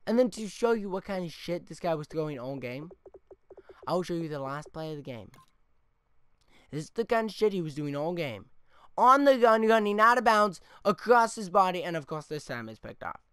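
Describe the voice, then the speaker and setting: A man's voice: a little high, animated, fairly quick, darkish tone, clear, resonant tone, no echo. A man ranting through gameplay commentary with heavy swearing, often tagging his points with "okay?". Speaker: gaming YouTuber. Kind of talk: angry gameplay rant commentary.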